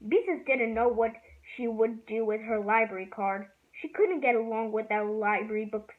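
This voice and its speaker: A woman reading a children's book aloud with a lively, expressive delivery. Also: on the high side, moderate pace, few pauses. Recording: tinny phone-like sound.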